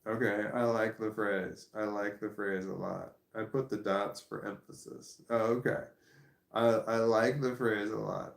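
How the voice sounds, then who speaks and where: Gravelly man rambling through chat comments. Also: on the low side, steady tone, measured pace, roomy sound. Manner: rambling, laughs often, reads comments aloud. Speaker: livestream host reading chat. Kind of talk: casual livestream chat.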